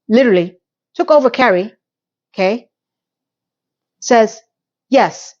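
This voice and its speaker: A woman recapping a TV episode in an animated, exasperated rant, sarcastic and talking straight to her viewers, a little hoarse from losing her voice. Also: on the high side, muffled recording. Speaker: TV recap vlogger.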